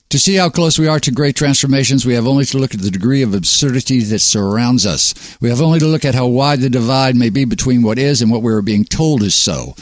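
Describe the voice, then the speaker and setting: A man's voice: medium pitch, no room sound, studio quality. A man hosting his own show, reading a sardonic, preachy monologue. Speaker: host.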